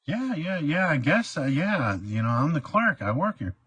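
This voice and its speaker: A man's voice: a little high, big pitch swings, normal speed, a bit bright, husky, no echo, distant mic, pitched above the performer's own voice, full character voice. A man voicing a hesitant, stammering female court clerk. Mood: flustered.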